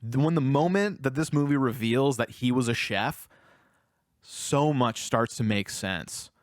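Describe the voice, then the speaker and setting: Podcast co-host, male, mid-pitched, animated storyteller, dry booth sound. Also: a little slow, dry recording. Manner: animated retelling, acting out characters' lines. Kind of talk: casual film review chat.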